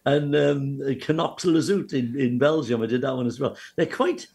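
A man's voice: mid-range voice, normal speed, a little mellow, slightly rough. A man co-hosting a casual chat show, talking in a loose, rambling way with plenty of tag questions. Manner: chatty, trailing tag questions. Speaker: show co-host.

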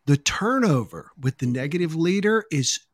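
A man's voice: on the high side, animated, normal speed, no echo, clean studio sound. A man hosting a podcast interview, thinking aloud and building his points in lists. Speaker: podcast host. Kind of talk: interview conversation.

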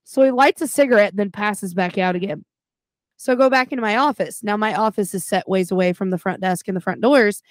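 A woman podcast co-host telling a story in a casual, animated and profane way. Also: mid-range voice, a little fast, no room sound.

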